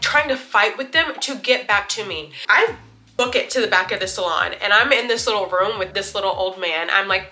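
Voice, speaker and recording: Doing her makeup on camera, a woman beauty vlogger chats through a story, casual and full of "like," acting out the retelling with animation. Her voice has a fairly high pitch.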